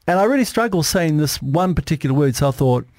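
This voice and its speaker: A man's voice: on the high side, lively intonation, quick pace, a little mellow, no room sound, studio quality. A middle-aged man with a New Zealand accent, hosting a radio show in casual, joking banter and laughing often. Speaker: radio host. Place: radio studio.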